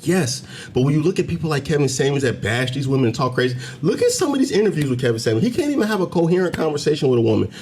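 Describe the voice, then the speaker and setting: A man talking straight to the camera in a commentary video, emphatic and preachy, climbing to loud, heated peaks as he argues. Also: on the high side, big pitch swings, racing, few pauses, a little hiss or hum. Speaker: commentary channel host. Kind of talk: direct-to-camera commentary rant. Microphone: camera mic, facing camera.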